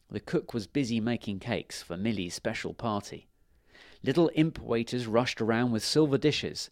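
A man reading a children's story aloud in a gentle, expressive storytelling manner. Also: mid-range voice, dry recording, clean studio sound.

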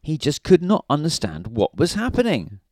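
A man's voice: a little high, huge pitch swings, moderate pace, a little mellow, no echo, studio quality. A man reading a children's story aloud in a playful way, now and then asking the listener questions.

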